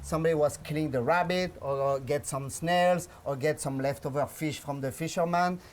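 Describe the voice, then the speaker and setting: A chef with a French accent, talking through a cooking demonstration in a halting way, with fillers and restarts. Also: male voice, a little high, steady tone. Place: outdoors on a hillside.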